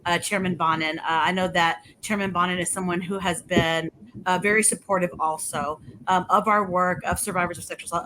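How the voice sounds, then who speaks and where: A woman's voice: lowish voice, bright, forceful tone, slight background noise, rough recording. A woman from rural Texas, giving a chatty policy update with apologetic asides. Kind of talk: casual online update talk.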